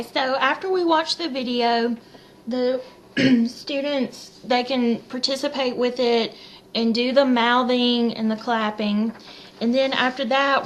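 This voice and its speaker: Young female teacher explaining a lesson plan; slow, slightly high delivery. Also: slight background noise, rough recording. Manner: unhurried and plain, with fillers.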